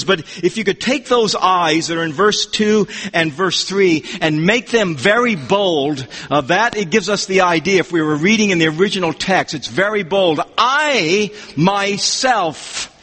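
High-voiced man preaching in echoing hall. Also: pushed and bright. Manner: measured, emphatic scripture reading. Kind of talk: expository sermon. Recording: long hall reverb.

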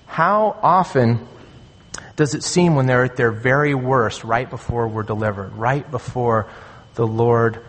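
Male pastor, mid-pitch, earnest emphatic sermon delivery, long hall reverb. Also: a bit bright. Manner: earnest, emphatic preaching with slow stressed phrases.

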